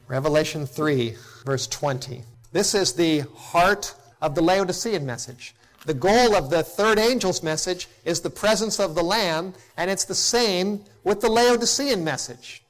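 A middle-aged man delivers a sermon in a slightly high voice. He builds to emphatic, impassioned peaks and then falls soft and quiet. When he tells stories, he acts out the quotes. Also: a little slow. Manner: storytelling with acted quotes. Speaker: preacher.

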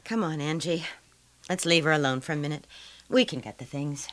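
A calm hospital coworker. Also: female voice, deep voice, fairly quick. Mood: soothing. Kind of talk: radio drama acting.

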